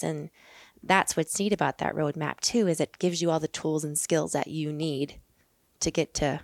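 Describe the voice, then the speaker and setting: A woman guesting on a podcast in casual chat, upbeat and quick with asides and easy laughs. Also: low-pitched, steady tone, creaky, dry recording, studio quality. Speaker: podcast guest, Pilates instructor.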